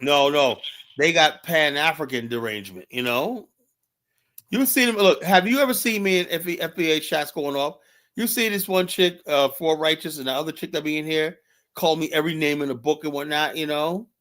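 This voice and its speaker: A man's voice: a little high, fairly quick, fairly bright tone. A man hosting a livestream panel, venting in a long, profane, rambling rant full of "you know?" tags. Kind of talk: heated panel debate.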